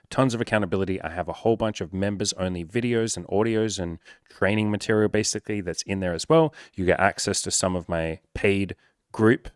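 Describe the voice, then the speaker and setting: Blunt, profane man with a low voice. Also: no room sound, clean studio sound. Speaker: dating coach. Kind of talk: casual direct-to-camera advice.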